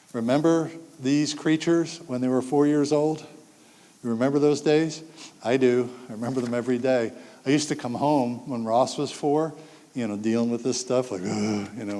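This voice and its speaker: A man in his sixties with a medium-pitched voice speaks at a moderate pace to an audience of parents, the hall adding long reverb. His public talk is animated, built on stories, acted-out quotes, and jokes with the crowd.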